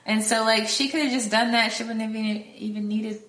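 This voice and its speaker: A woman's voice: a little high, fairly even intonation, brisk, fairly bright tone. A woman co-hosting a podcast, recapping a film plot casually in a rambling way, full of fillers and acted-out quotes. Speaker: podcast co-host. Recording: echoey room.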